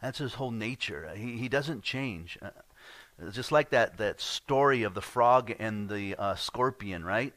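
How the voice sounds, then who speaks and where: Male pastor, mid-pitched, earnest sermon, dry close sound. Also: measured pace, a bit bright, no echo. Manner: earnest, conversational, repeats words.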